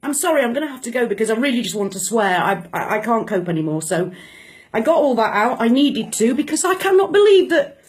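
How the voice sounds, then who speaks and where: A woman's voice: on the high side, big pitch swings, brisk. A woman ranting angrily to camera, indignant and shaking with anger, repeating phrases for emphasis. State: furious and shaking. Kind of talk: angry political rant to camera.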